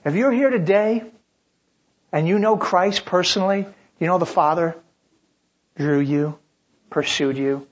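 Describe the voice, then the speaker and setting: A man's voice: sits high, unhurried, pauses often. A man preaching a sermon as pastor, emphatic, building through rising rhetorical questions. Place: church. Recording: dull lo-fi recording.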